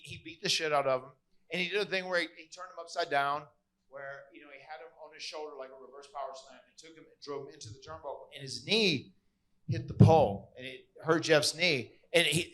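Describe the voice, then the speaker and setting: Animated man telling a backstage story. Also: on the high side. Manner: animated, acts out quoted voices; restarts and stammers often. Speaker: podcast host telling a wrestling story. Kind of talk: casual storytelling.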